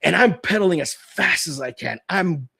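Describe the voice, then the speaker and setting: Animated middle-aged man telling childhood stories. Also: on the high side, moderate pace, creaky, breathy edge. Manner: animated, acts out his own and others' lines. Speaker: host of a live nostalgia stream. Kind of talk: casual storytelling.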